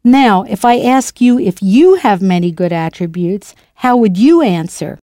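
Mellow woman teaching a language lesson. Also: mid-range voice, lively intonation, a little slow, no echo, clean studio sound. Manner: clear, playful, spells words out letter by letter. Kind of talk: scripted lesson narration.

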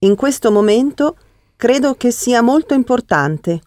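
A woman giving crisp, confident model answers in a language lesson. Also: a little high, expressive, normal speed, darkish tone, no room sound, clean studio sound.

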